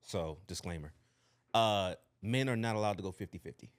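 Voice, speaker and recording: A man co-hosting a podcast, playful and expressive as he reads out list items in casual chat. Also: deep voice, normal speed. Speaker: podcast co-host.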